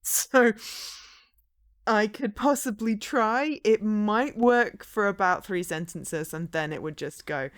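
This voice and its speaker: A woman's voice: mid-range voice, slow pace, no room sound, clean studio sound. A woman in her forties with a fairly neutral English accent, chatting casually on a live game stream, rambling and self-deprecating with lots of fillers and restarts. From English Midlands. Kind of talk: casual live-stream chat while gaming.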